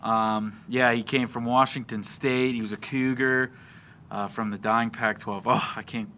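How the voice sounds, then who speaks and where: A man's voice: medium pitch, steady tone, a little slow, sharp tone, a little hiss or hum. A young man from Florida, co-hosting a casual sports talk show and recapping the game play by play in a chatty way. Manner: chatty, recaps plays at length. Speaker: podcast co-host.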